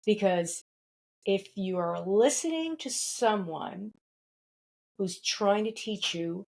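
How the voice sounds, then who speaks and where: A woman's voice: mid-range voice, takes it slowly, vocal fry, a little mellow, poor audio. A woman hosting a podcast interview in a casual, chatty, rambling way, often laughing. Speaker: podcast host.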